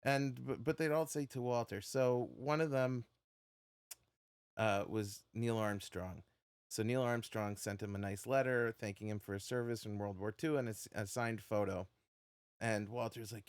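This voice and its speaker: A man's voice: mid-range voice, normal speed, clean tone, no echo. A man telling a funny anecdote in casual podcast chat, laughing at his own punchlines.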